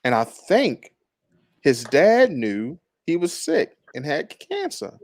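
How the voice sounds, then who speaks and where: A man reading aloud the words of a woman who recalls her family's help, slow and earnest. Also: fairly high pitch, huge pitch swings, a little mellow, no echo, clean studio sound, full character voice.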